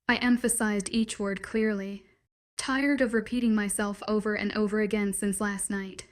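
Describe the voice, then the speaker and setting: Woman narrator for a first-person audiobook, steady storytelling. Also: mid-range voice, moderate pace.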